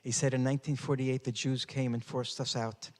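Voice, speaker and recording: A man's voice: mid-range voice, little pitch movement, a little fast, a little mellow. An older man giving a talk, telling a personal story with dramatic, rising intensity. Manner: dramatic, builds to raised intensity. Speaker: speaker. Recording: hall with long reverb.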